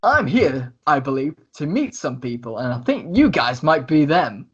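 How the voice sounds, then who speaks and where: A flamboyant male tiefling thief, as a man puts him on in a tabletop game, loud and teasing, with a giggle under his words. The voice sits higher than an everyday voice and swoops about playfully. The audio is slightly muffled and lo-fi. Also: very animated, normal speed, slightly rough. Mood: showy.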